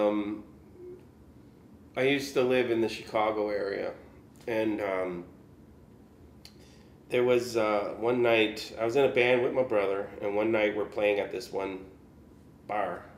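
A man with a fairly low voice, a musician appearing as a guest, tells a loose, rambling story about a gig, full of "you know" and laughter. He's in an echoey room in Kansas City, and there's a little hiss or hum on the recording.

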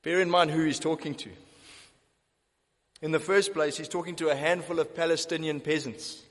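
A man preaching a sermon, emphatic and deliberate, repeating key phrases for stress. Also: a little high, fairly even intonation, a bit bright, in a large hall.

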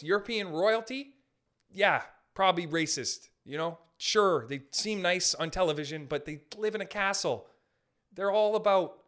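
A man in his late twenties hosting a solo podcast, ranting comically with jokes and laughing at himself. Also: a little high. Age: late 20s. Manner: animated, jokey, laughs at own jokes. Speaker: podcast host. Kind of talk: comedic solo podcast rant.

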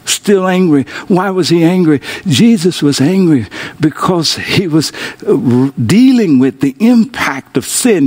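Husky-voiced pastor preaching with fervor. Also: male voice. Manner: preaching with call-and-response to an online audience; swings from soaring exclamations to low intimate tones. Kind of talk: sermon.

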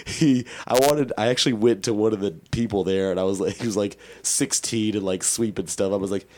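Podcast host, young man, slightly hoarse, animated storyteller. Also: lowish voice, brisk, dry recording. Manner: animated storyteller, acts out quotes with a raised voice. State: losing his voice. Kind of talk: casual podcast chat.

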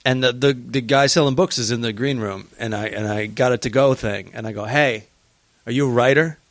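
A man, a touring stand-up comic, telling stories in casual podcast chat, profane and animated, acting out the people he quotes. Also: medium pitch, fairly quick, no echo. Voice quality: profane, animated storyteller who acts out quotes. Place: hotel room.

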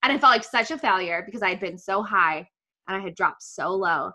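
A young woman on a podcast, telling an emotional story quickly and swearing freely. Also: mid-range voice, expressive, bright, forceful tone. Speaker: podcast guest, author. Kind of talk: casual podcast chat.

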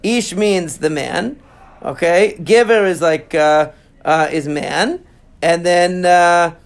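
A man teaching in a casual study session, reading Aramaic passages aloud and then translating and explaining them in a halting way, with many fillers and restarts. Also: high voice, vocal fry. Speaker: Talmud teacher.

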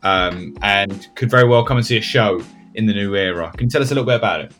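A man hosting a podcast in casual chat, relaxed and thoughtful, often trailing off and restarting. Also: lowish voice, fast talker, soft background music.

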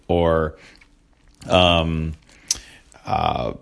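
Young guy w a really low voice, casual faith talk, rambly, jokey asides, laughs a lot. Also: expressive, drawn-out words, vocal fry, long pauses. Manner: rambling, joking asides, frequent chuckles. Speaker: Christian speaker.

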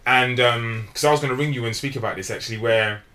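Bright-voiced young man explaining himself. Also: medium pitch, slight background noise. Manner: deliberate, explains himself at length. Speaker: podcast co-host. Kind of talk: casual chat.

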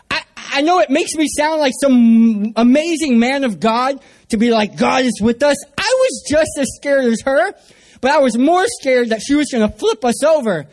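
A young man from San Diego preaching a sermon, telling a personal story with self-mocking humor. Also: very high voice. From San Diego area, US.

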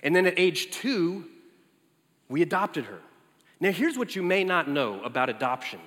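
A man in his forties preaching as a guest, telling lively family stories with animated quotes of his child. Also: a little high, moderate pace. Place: large church sanctuary. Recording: echoey large hall.

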